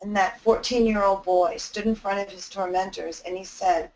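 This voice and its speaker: A woman's voice: mid-range voice, fairly even intonation, moderate pace, hardly any pauses, a little mellow, poor audio. A woman giving an anti-bullying webinar talk, telling a personal story in an earnest, heartfelt way.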